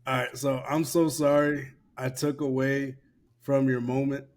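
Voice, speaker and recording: A man's voice: medium pitch, level tone, a little slow, a little mellow. Laid-back profane podcast guy. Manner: loose, profane, laughing while reading aloud. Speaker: podcast co-host. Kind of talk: casual podcast chat.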